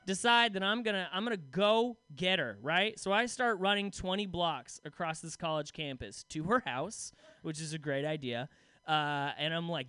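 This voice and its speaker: A man's voice: high-pitched, bright, forceful tone, clean tone, no room sound. A young adult man doing a rambling, self-deprecating stand-up comedy set, full of "like" fillers.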